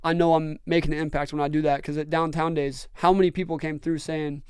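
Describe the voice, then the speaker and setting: A man's voice: fairly high pitch, little pitch movement, fairly quick, few pauses, clear, resonant tone, no room sound, studio quality. A young man, earnestly telling rambling stories as a podcast host. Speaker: podcast host and brand owner. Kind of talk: casual storytelling chat.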